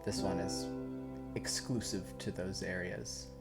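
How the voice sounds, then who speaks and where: A man's voice: low voice, fairly even intonation, unhurried, gravelly. A man casually rambling and reacting while music plays at home, swearing and chuckling now and then. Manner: rambling and laid-back, swears, chuckles often. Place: at home in his room. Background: game soundtrack playing softly.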